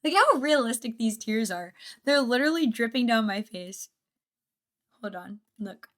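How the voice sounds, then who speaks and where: A woman's voice: fairly high pitch, sing-song, moderate pace, fairly bright tone. A young woman streaming a reaction video, chatting casually with a bubbly, giggly and easily sidetracked manner. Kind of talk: casual livestream reaction chat.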